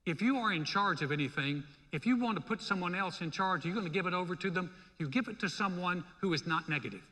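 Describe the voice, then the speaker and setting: A male pastor preaching a sermon in a church, in a lively, conversational way. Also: sits high, fast talker. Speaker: senior pastor. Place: church sanctuary. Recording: long reverb in a hall.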